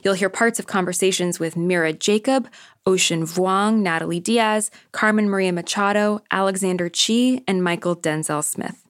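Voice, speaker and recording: A woman's voice: medium pitch, normal speed, no room sound, studio quality. A woman hosting a podcast, giving a reflective, grateful introduction to an episode. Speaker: podcast host.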